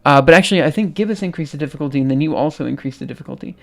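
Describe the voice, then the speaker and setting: A man's voice: fairly high pitch, racing, gravelly. Light-voiced man rambling on a live stream. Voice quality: light, somewhat androgynous voice. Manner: rambling, many ums and restarts, laughs easily. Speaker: livestream host. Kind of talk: casual live-stream chat.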